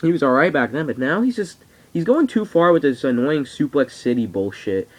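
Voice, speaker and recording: A teenage boy in a casual vlog, rambling excitably and swearing freely. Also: fairly high pitch, a little fast, low-quality recording. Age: teens. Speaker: vlogger. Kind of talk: casual wrestling reaction vlog. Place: at home on camera.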